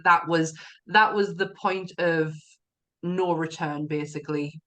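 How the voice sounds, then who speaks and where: A woman's voice: low voice, fairly even intonation, unhurried, fairly bright tone. A woman co-hosting a casual podcast chat, candid and sweary, laughing often. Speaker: podcast co-host.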